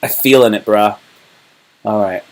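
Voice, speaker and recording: A man's voice: on the low side, unhurried, rough recording. Rambling, joking man hosting a livestream. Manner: rambling, joking, heavy slang. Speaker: livestream host. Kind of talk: casual livestream chat.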